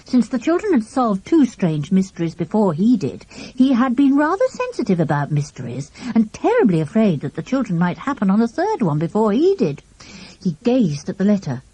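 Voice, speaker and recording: Storybook narrator, woman, animated reading, mellow husky tone. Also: mid-range voice, moderate pace, dry recording, low-quality recording. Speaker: audiobook narrator.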